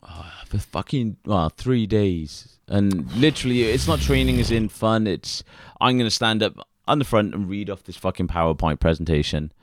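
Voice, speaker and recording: A man co-hosting a podcast, talking in crude, animated banter and acting out the people he quotes. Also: lowish voice, moderate pace, few pauses, a little hiss or hum. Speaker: podcast co-host. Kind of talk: casual banter.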